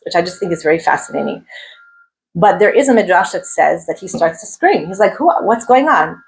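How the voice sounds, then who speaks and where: A woman teaches the weekly Torah portion in a lively, questioning manner, scattering Hebrew terms throughout and acting out the voices of the figures. Her voice is on the low side, and the recording is rough.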